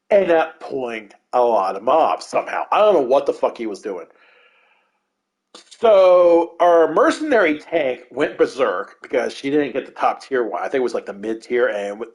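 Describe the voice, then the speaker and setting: Man, casual gaming story, profane, animated, lively pitch. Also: gravelly. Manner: animated and profane, acts out what others said. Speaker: gamer telling a story.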